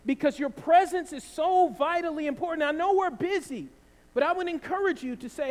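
A man in his thirties gives a sermon in a church, his voice sitting unusually high for a man. He tells stories animatedly and keeps asking the room "right?" His words ring out with a long hall reverb. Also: normal speed. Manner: conversational, animated storytelling with frequent "right?". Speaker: pastor. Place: church sanctuary.

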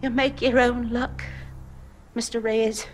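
A woman's voice: on the high side, flat delivery, takes it slowly, soft background music. An actress playing a blunt, bitter woman who scolds a visitor for believing in a curse, in a TV drama clip. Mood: scolding.

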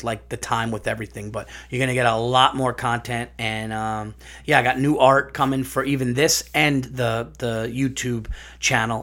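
Rambling man telling comic stories. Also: mid-range voice. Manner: rambling, animated storytelling with profanity. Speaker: podcast host and comedian. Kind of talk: casual comic monologue.

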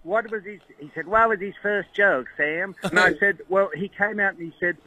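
A man's voice: sits high, normal speed, bright, forceful tone, no room sound, highs cut off. A man on a comic radio chat, rambling through a long mock-grand story as a guest commentator.

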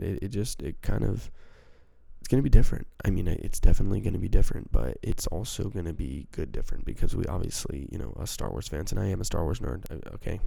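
A man's voice: low voice, creaky, dark tone, no room sound. A man hosting a casual solo podcast, rambling in a profane, self-mocking way into a handheld microphone. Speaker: podcast host.

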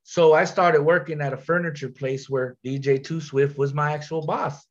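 A man with a fairly high, nasal voice tells a story in easy, slangy chat. He repeats words and restarts his sentences a lot as he goes. The recording is muffled and lo-fi. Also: fairly even intonation, moderate pace. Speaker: rapper guest. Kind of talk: casual storytelling.

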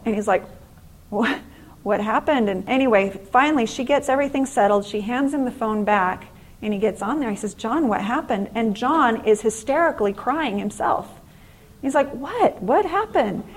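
Before an audience, a middle-aged woman delivers an inspirational talk rooted in faith, her stories told with earnest animation. Her pitch is fairly high, and the recording is rough.

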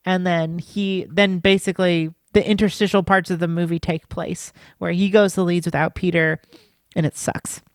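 A man's voice: sits high, flat delivery, normal speed, dry recording. Dry-voiced man, casual film chat. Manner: laughing, loose retelling with profanity. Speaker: podcast co-host.

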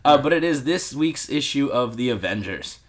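A man's voice: medium pitch, expressive, normal speed. A man co-hosting a casual podcast, talking in an easygoing way. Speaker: podcast co-host. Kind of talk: casual chat.

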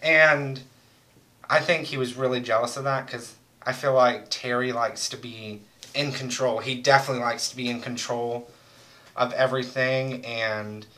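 A man's voice: mid-range voice, steady tone, normal speed, sharp tone, low-quality recording. A young man chatting casually as co-host, rambling through crude, joking stories about old roommates. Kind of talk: casual chat.

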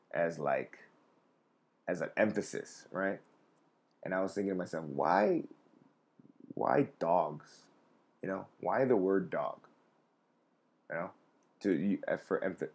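A man's voice: low-pitched, a little mellow. A young adult man, a comedian hosting a live stream, telling rambling, profane, self-mocking stories in casual chat.

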